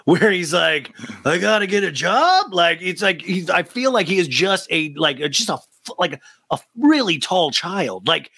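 A man guesting on a comedy podcast, riffing quickly with lots of laughter and quick impressions. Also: high voice, very animated, vocal fry, sharp tone, slightly rough. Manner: fast, laughing, rambling riffs with quick impressions. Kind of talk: casual comedic recap chat.

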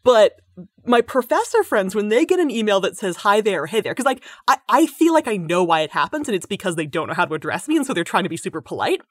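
A woman talking in a casual interview as a guest, animated, acting out what others say in playful voices. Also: medium pitch, fast talker, no room sound. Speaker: guest linguist.

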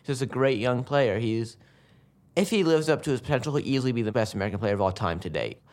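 A man's voice: medium pitch, animated, quick pace, darkish tone. A man co-hosting a casual soccer podcast, talking in an enthusiastic, rambling way with frequent restarts. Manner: enthusiastic, rambling, self-correcting. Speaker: podcast co-host. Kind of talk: casual sports chat.

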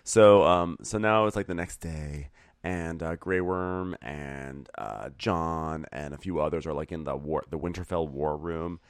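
A man's voice: very deep voice, measured pace, no room sound, studio quality. A man co-hosting a television recap podcast in casual chat, joking and acting out character lines in mock voices.

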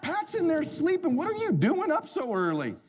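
Startled, bewildered older man at his front door, put on by a male storyteller, voice pitched up high. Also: wildly swooping pitch, a little mellow, full character voice. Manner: bewildered, rapid questions. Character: startled older male father-in-law woken early.

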